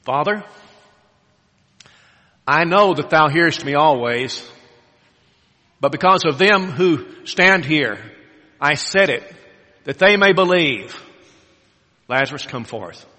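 A calm, solemn Jesus speaks slowly and quietly, each phrase measured as a man acts him out. The voice is bright and clear. A long reverb trails behind it, as in a large hall. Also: on the high side, full character voice. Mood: earnest. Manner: slow, hushed, measured delivery.

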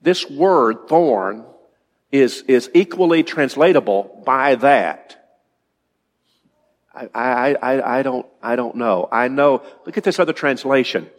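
A man preaching a sermon as pastor, often pausing and repeating words as he thinks aloud. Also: mid-range voice, lively intonation. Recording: long reverb of a large hall.

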